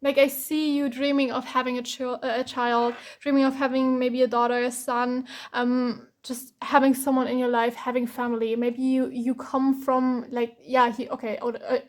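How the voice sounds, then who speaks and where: A woman's voice: high voice, flat delivery, normal speed, hardly any pauses. A woman from Germany, giving a chatty, rambling tarot reading full of fillers and restarts. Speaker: tarot reader.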